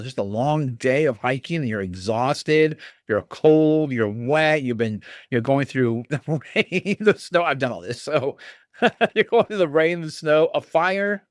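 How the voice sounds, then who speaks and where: Animated rambling man tasting whiskey. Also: on the high side, dry recording, clean studio sound. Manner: rambling, animated, with chuckles and fillers. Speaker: podcast host. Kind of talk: casual whiskey tasting talk.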